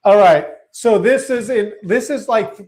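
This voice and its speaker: Excitable high-voiced male co-host. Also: a little slow. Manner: excitable, restarts sentences, laughs often. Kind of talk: casual live-stream chat.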